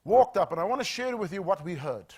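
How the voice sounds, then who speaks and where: A middle-aged man, telling a story as a safety trainer, with earnest dramatic pauses that drop to a hush. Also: high voice, very animated, breathy edge.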